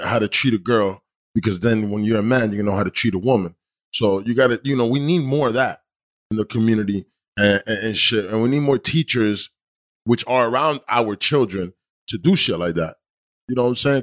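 A man hosting a podcast in casual chat, talking frankly and profanely and often asking "you know what I'm saying". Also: fairly low pitch. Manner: frank, preachy when giving advice. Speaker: podcast host.

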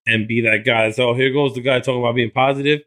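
A man from New Jersey, a hip hop artist guest on a podcast, speaks earnestly about positive thinking. He swears casually while staying motivational. His voice sits at an ordinary male pitch. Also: fairly even intonation, fast talker, fairly bright tone. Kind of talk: casual interview chat.

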